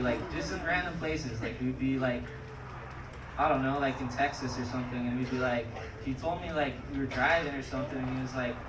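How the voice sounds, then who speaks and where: A man telling casual stories at a memorial, loose and full of fillers. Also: mid-range voice. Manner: loose storytelling with lots of fillers. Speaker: speaker at a memorial. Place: outdoor skatepark crowd gathering. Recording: distant echoey mic with loud crowd noise.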